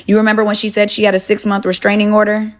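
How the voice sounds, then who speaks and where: A woman's voice: mid-range voice, monotone, fast talker. Blunt, profane young woman streaming live. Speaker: livestreamer. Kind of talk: casual livestream chat, answering viewers. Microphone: phone.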